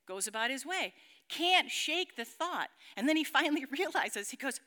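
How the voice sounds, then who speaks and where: Woman, high bright voice, casual storytelling preacher who acts out the quotes. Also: lively intonation, moderate pace. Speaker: speaker teaching a faith group. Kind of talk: storytelling sermon talk.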